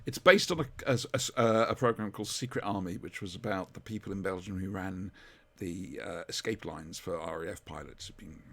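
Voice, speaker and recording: A man's voice: low-pitched, a little fast, creaky, sharp tone. A man chatting on a podcast, rambling and correcting himself as he enthuses about old TV comedy. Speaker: podcast co-host. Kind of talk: casual chat reviewing TV comedy.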